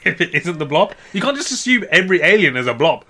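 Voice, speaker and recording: A man's voice: fairly high pitch, very animated, quick pace, sharp tone. A man co-hosting a comedy podcast, bantering playfully and laughing often as he riffs on silly ideas. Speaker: podcast co-host.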